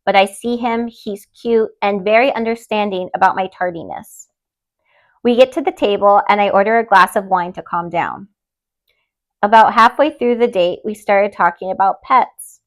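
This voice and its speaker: A young woman hosting a podcast, reading listener stories aloud and chatting in an expressive, openly emotional way. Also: medium pitch, normal speed. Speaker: podcast host.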